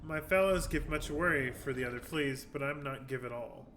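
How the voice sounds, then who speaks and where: A man reading aloud as a friendly old flea who leads a caravan, in quaint broken phrasing and a hushed voice. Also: medium pitch, moderate pace, slight background noise, lightly acted. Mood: warm, welcoming.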